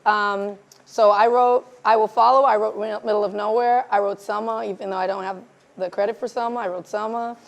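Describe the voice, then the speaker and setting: A woman from South Los Angeles, a guest filmmaker answering questions in a live conversation, animated and laughing often as she acts out conversations. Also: mid-range voice, a little fast, gravelly. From South Los Angeles, USA.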